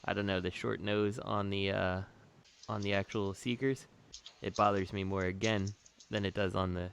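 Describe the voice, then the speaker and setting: A man's voice: fairly low pitch, level tone, normal speed, gravelly, slight background noise. A man co-hosting a casual podcast chat, explaining details step by step. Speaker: podcast co-host.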